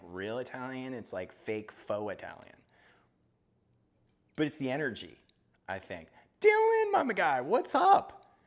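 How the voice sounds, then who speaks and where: A man from Florida chatting casually on a gardening live stream, joking and talking to his cat as he walks around. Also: medium pitch.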